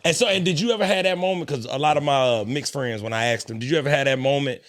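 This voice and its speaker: A man in his thirties hosts a casual podcast interview. He jokes bluntly and cuts in with quick asides at a mid pitch. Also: fairly bright tone. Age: 30s. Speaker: podcast host.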